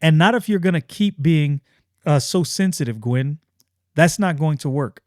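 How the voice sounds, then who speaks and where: A man hosting a casual comic book review, excitable and slangy, often restarting his sentences. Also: on the high side, moderate pace, dry recording, studio quality.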